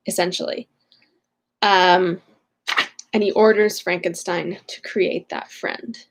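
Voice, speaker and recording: A woman's voice: on the low side, steady tone, slow, long pauses. A young woman at home, casually recapping a novel chapter and reading it aloud, chatty and scatterbrained with lots of fillers. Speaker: reader of a novel. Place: home room.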